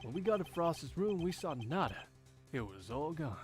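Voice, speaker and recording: A man's voice: on the high side, sing-song, moderate pace, soft background music. A man voicing a slangy, hard-boiled detective narrating a case in a fan game dub. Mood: dramatic.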